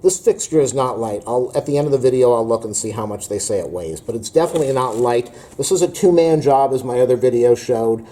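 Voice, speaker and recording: A man with a mellow, darker-toned voice walks through a do-it-yourself how-to in a loose, rambling way. He leans on fillers as he goes, and his pitch sits in an ordinary middle range. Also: lively intonation, fast, few pauses. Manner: casual, rambling, with frequent fillers. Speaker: DIY video host. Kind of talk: home improvement how-to.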